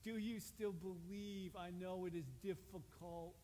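A male pastor preaching a sermon in a conversational way, asking the congregation questions and rising to loud, emphatic passages. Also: sits high, steady tone, measured pace, slight background noise. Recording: reverberant hall, faint ambience.

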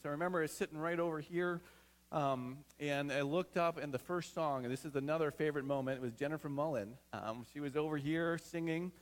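A man preaching a conversational sermon as pastor, often checking in with the congregation before building to earnest exhortation. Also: on the high side.

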